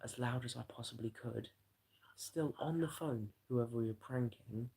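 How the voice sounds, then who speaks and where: A man chatting on a livestream, rambling through a crude anecdote with plenty of swearing. His voice is husky and breathy with a gravelly edge, and it sits at an average pitch for a man. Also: moderate pace, dark tone. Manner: rambling, profane anecdote-telling. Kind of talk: casual storytelling to a live chat.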